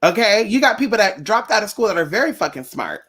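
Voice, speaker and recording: A young woman talks straight to her viewers in a casual vlog. She is blunt and profane, and she tells her stories with animation. Her voice sits at a middle pitch. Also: very animated, fast talker, fairly bright tone, husky. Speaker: spiritual vlogger.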